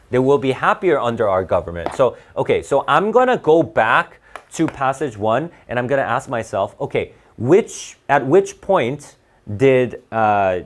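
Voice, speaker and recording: Against slight background noise, a man with a mid-range voice tutors through SAT reading questions out loud. His walkthrough is casual and self-correcting, with frequent "right?" checks.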